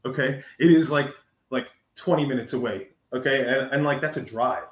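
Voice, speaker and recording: A man spins a casual story as a guest, acting out each person's lines and breaking into laughs. His voice sits at an ordinary pitch. The recording is muffled and echoes around the room. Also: normal speed. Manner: animated, acts out quoted dialogue, laughs often.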